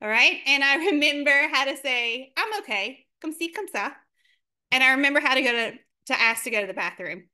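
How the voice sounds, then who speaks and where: A woman teacher leading a lesson for children, upbeat and encouraging, modeling words slowly and clearly. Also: high voice, expressive, pushed and bright.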